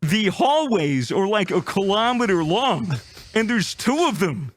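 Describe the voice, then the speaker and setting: A man telling a travel story in casual chat, animated and swearing, acting out the people he met. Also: high voice, measured pace, a little hiss or hum.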